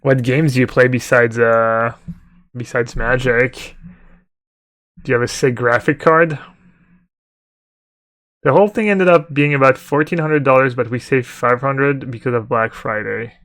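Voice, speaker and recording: A man's voice: mid-range voice, measured pace, pauses often, fairly bright tone, dry recording. A man streaming a card game live, chatting casually, thinking aloud and answering chat with fillers. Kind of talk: live-stream commentary while playing.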